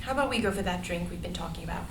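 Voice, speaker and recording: A woman's voice: lowish voice, racing, recorded from a distance, lightly acted. A woman playing an irritable, sarcastic young woman facing deportation, in a screenplay reading. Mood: weary. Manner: irritable, sarcastic, yelling at times. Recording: echoey room, light noise.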